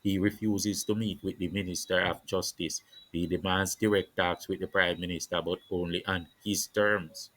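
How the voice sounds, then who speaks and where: A man holds forth on politics in a preaching, declamatory style, stacking repeated phrases. His voice sits very low yet comes across forceful and bright-edged. The recording is dry and close, with no room sound. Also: flat delivery, normal speed, no room sound, poor audio. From Jamaica. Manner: preaching, declamatory, repetitive cadences. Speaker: political commentator. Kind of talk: impassioned political monologue.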